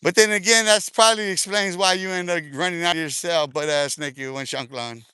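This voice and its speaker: A middle-aged man hosting a casual livestream, talking loudly with laughter and profane street slang while walking outdoors in a park, speaking into a phone. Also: high-pitched, steady tone, fairly quick, clear, resonant tone, dry recording, clean studio sound. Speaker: livestream host. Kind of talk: casual livestream chat reading comments.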